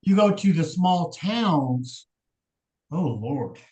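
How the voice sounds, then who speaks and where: A man's voice: fairly high pitch, lively intonation, slow, a little mellow, poor audio. A man from Texas chatting casually as a livestream guest, easygoing and telling stories. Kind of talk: casual chat.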